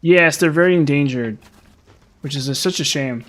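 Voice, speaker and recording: A man's voice: a little high, normal speed. A man chatting casually while playing a video game, rambling with lots of fillers and restarts. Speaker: gaming streamer.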